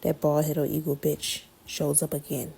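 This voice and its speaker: A woman hosting a podcast, telling a story in casual, slangy chat that swings between loud and hushed. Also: deep voice, completely flat delivery, unhurried, vocal fry, a little hiss or hum.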